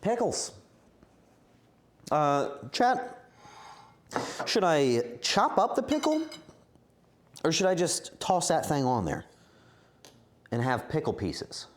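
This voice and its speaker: A man's voice: on the high side, big pitch swings, slow, pauses often. A man streaming himself cooking in a home kitchen, chatting to his viewers in a rambling, self-mocking way with bursts of mock outrage. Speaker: streamer cooking live for chat. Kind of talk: rambling live-stream chat while cooking.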